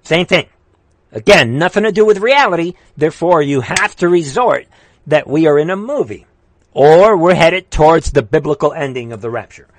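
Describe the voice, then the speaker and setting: Ranting high-voiced man, dry close sound. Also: expressive, moderate pace, no echo. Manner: impassioned, ranting, repeats rallying calls; reads viewer comments aloud. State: straining voice. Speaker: livestream host. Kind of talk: heated political commentary.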